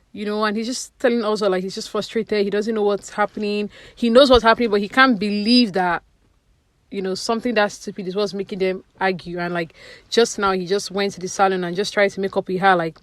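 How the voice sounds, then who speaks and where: Woman vlogger, casual opinionated recap, dry close sound, mid pitch. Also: dry recording. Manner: chatty, opinionated, many fillers like "you know". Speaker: reality TV commentary vlogger.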